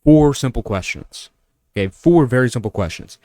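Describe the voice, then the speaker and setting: In a casual talking-head monologue, a young man dispenses mindset and money advice bluntly and preachily, firing rhetorical questions and crude asides. His medium-pitched voice is animated and dark-toned at a moderate pace, recorded dry.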